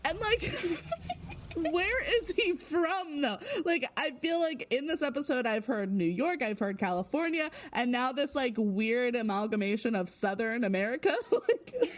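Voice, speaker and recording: A woman's voice: on the high side, lively intonation, moderate pace. A woman co-hosting a podcast, recapping a TV episode in a casual, giggly, chatty way. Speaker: podcast co-host.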